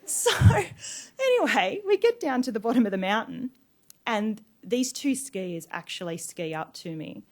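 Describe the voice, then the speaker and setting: A young woman speaks into a microphone in a lecture room, chatty and lively. She tells her stories with frequent fillers and quick laughs, pitched in a middle range. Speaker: guest speaker. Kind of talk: informal talk with slides.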